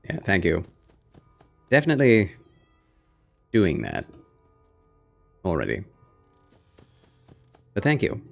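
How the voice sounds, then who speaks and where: A tired young man gently chatting with viewers while streaming a game, soft-spoken and reading chat. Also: low voice, wildly swooping pitch, slow pace, gravelly, long pauses, soft background music. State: fatigued. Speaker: gaming streamer. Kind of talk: live gaming stream chat.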